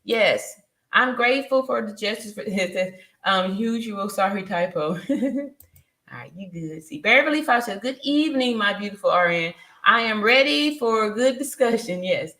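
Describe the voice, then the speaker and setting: Bright-voiced woman in her fifties hosting a live chat. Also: medium pitch, lively intonation, unhurried, roomy sound. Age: 50s. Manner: chatty, laughs often, greets viewers by name. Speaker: live stream host. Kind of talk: casual live stream chat reading comments.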